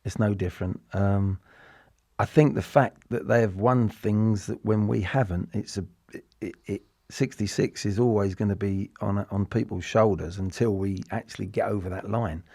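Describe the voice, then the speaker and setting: A man's voice: lowish voice, steady tone, normal speed, creaky, dark tone, breathy edge, dry recording, clean studio sound. An English man in his sixties, a former footballer talking in a rambling, reflective way with many restarts as an interview guest. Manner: rambling, with frequent restarts and repeated words. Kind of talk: casual reflective interview talk.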